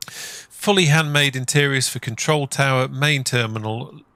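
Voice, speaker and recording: A man hosting a flight simulator video, chatting in a relaxed, casual way and filling gaps with "uh". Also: medium pitch, measured pace, dry recording. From England. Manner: relaxed, chatty, lots of "uh" fillers. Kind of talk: casual gameplay commentary.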